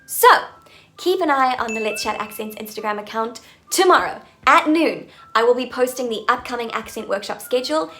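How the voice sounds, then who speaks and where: A woman's voice: fairly high pitch, animated, moderate pace, fairly bright tone. A woman accent coach making an upbeat announcement to her viewers, with playful, jokey asides.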